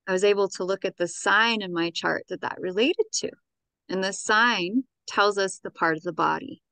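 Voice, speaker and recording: A woman's voice: medium pitch, fairly bright tone, clean tone, dry recording. A woman host talking to camera about her own healing, earnest and heartfelt, close to tears at times. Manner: earnest, heartfelt, building to passionate. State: choked up. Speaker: astrology channel host. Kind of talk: emotional personal talk to camera.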